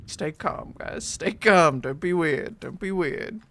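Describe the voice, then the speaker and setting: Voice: medium pitch, animated, takes it slowly, a bit bright, no echo. A young adult streamer chatting playfully with viewers during a live stream, teasing and laughing a lot. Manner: playful, teasing, laughs often, sing-song swings. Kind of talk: casual live-stream chat.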